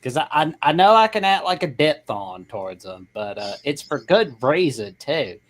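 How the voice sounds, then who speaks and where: A man's voice: on the high side, sing-song, normal speed. A man co-hosting a sports call-in show, chatting casually with blunt, short remarks. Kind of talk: casual chat.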